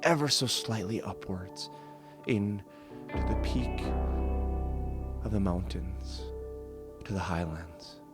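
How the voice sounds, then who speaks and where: Low-voiced guy telling a solo rpg story, slow and dramatic, music playing under it. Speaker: solo game narrator. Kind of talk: improvised solo tabletop role-play narration. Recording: voice over background music.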